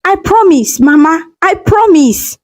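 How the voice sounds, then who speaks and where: A woman's voice: very high voice, animated, unhurried, pitched above the performer's own voice. A woman voicing an adult daughter who weeps and pleads with her dying mother. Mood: pleading. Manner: tearful, pleading. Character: weeping adult daughter, guilty and desperate.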